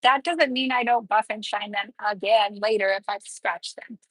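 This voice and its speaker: A woman's voice: mid-range voice, normal speed, breathy edge, no echo, poor audio. A woman nail tech running a live tutorial, chatting and explaining each step while she works.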